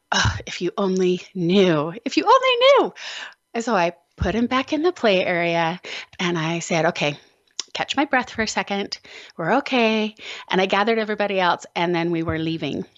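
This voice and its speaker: A woman hosting a radio talk show, telling a personal story in a lively, animated way. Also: fairly low pitch, no room sound. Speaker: host. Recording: dull, lo-fi dry recording.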